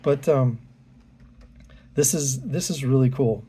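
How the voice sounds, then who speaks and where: Guy flipping through an art book on his channel, talks straight to viewers, soft husky voice. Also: medium pitch, takes it slowly. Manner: chatty, addresses viewers directly. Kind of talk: casual art book walkthrough.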